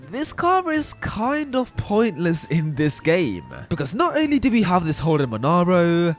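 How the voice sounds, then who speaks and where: A man giving casual, rambling voice-over commentary on a video game, excitable and often correcting himself mid-sentence. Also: sits high. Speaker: gaming commentator.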